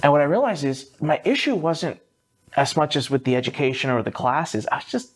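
A man in his thirties, an entrepreneur guest in a podcast interview, telling his story with animated energy and a casual, sometimes swearing manner. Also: brisk, breathy edge. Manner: lively, swings up high for quoted voices, mild swearing.

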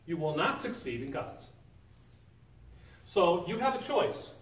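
Speaking slowly, a man leads a casual Bible class and stops now and then to question those present. His fairly high voice echoes through a large sanctuary, picked up from a distance with a faint hiss beneath it.

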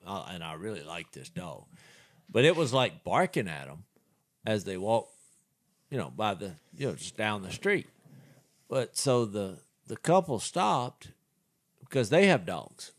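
A man's voice: lowish voice, very animated, unhurried, long pauses, no echo, studio quality. A man on a casual podcast, telling a story in a rambling way with many restarts. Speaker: podcast co-host. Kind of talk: casual chat.

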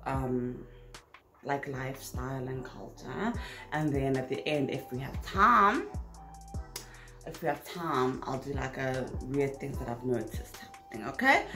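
A woman's voice: very deep voice, a bit bright. A young woman from South Africa chatting casually through a Q&A vlog, full of "like" fillers. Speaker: YouTuber. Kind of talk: casual Q&A chat. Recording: echoey room with music behind.

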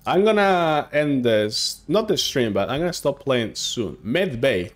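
A young man streaming a game live, chatting excitedly with his viewers and reacting as he plays. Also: mid-range voice, unhurried. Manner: excitable, chatty, talks to chat. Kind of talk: casual live game commentary.

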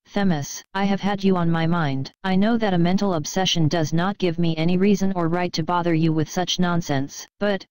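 A woman's voice: on the low side, steady tone, normal speed, hardly any pauses, darkish tone, no echo, close to an everyday voice. Woman reading as a shy, bashful young god. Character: shy, anxious male god, courteous and bashful.

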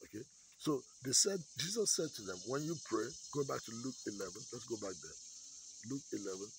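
A man's voice: mid-range voice, expressive, brisk, a little hiss or hum, poor audio. A man preaching a sermon as pastor, in a conversational way, often checking in with his listeners. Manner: conversational preaching with frequent "okay?" check-ins.

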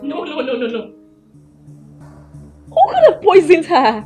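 Casting: proud Nigerian princess, young and quick to anger; very high, animated voice. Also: female voice, music in the background, full character voice. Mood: distraught. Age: young adult. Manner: sharp and defiant, easily upset.

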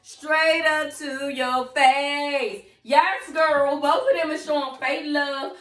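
A woman's voice: sits high, steady tone, slow pace, a bit bright, echoey room, distant mic. A woman giving a casual tarot reading in a sassy, slangy way, talking straight to the viewer as "girl". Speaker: tarot reader.

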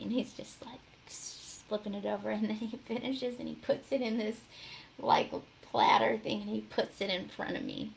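A woman hosting a casual devotional talk, telling her story in an animated way and acting out the voices in it. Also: mid-range voice, normal speed, gravelly, a little hiss or hum, poor audio. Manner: animated storytelling, acts out quotes. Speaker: devotional host.

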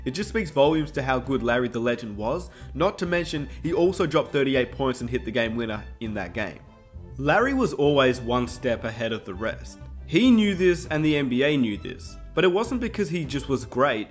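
A man who hosts the channel reads scripted commentary in a mid-pitched, earnest voice. He speaks evenly and plainly. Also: sing-song, normal speed, soft background music. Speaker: channel host. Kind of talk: scripted narration.

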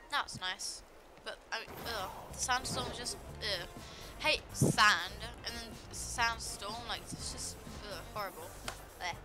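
A woman's voice: on the high side, poor audio. A woman giving casual commentary over her gameplay in a bubbly, chatty way, saying like a lot. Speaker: gaming video host.

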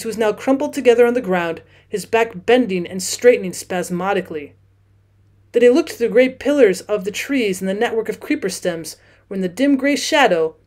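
Woman teacher reading a classic story aloud, steady and clear, mid-pitched. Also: a little fast. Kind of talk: audiobook narration.

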